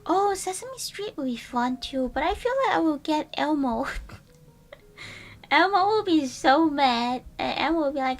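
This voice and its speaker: A woman's voice: high voice, measured pace, soft background music. A woman streamer chatting casually and playfully with her viewers, rambling and greeting chat.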